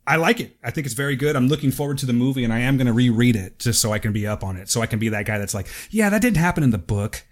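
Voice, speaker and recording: Brief: man, casual podcast co-host, mid-pitched, profane and easygoing. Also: fairly even intonation, racing, few pauses. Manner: profane, laughs easily, rambling. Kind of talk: casual chat.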